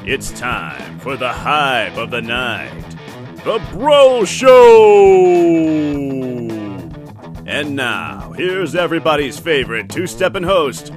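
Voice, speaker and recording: A man putting on a drawn-out, sweeping game-show announcer voice to introduce the host. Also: fairly high pitch, very animated. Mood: hyped. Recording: voice over loud guitar music. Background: guitar music.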